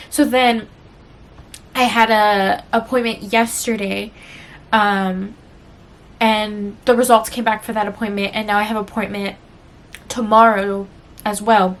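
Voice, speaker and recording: A woman's voice: medium pitch, fairly even intonation, unhurried, long pauses, a bit bright. A woman vlogger talking candidly and emotionally to her viewers in a rambling, confessional chat full of fillers. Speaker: book vlogger.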